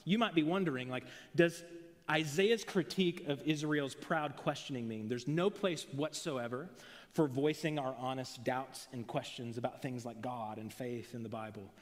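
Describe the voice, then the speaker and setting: A man's voice: mid-range voice, normal speed. A man preaching a sermon as pastor, earnest with emphatic rising phrases, recorded in a church sanctuary on a pulpit mic. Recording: long reverb of a large hall.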